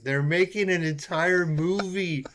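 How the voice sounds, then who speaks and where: A man co-hosting a movie podcast, chiming in with quick reactions and casual swearing. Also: high voice, a bit bright. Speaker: podcast co-host.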